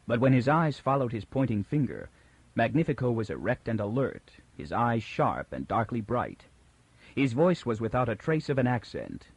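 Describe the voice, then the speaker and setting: A man reading an audiobook in measured, scripted narration. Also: mid-range voice, sing-song, breathy edge, dry recording, muffled recording.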